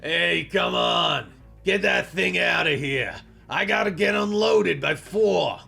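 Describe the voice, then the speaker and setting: A man voicing an irritable male delivery driver who shouts in exasperation. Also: high voice, takes it slowly, creaky, music in the background, pitched above the performer's own voice, exaggerated voice. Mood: exasperated.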